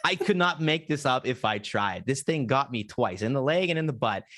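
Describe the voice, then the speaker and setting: A man's voice: mid-range voice, expressive, a little fast, fairly bright tone. A young man hosting a podcast, telling a story in casual chat and acting out his own panicked reactions. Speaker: podcast host.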